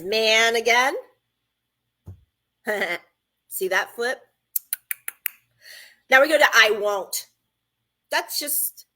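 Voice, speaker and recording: Emphatic bright-voiced radio host woman. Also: fairly high pitch. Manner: emphatic, conversational, repeats phrases. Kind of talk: motivational radio talk.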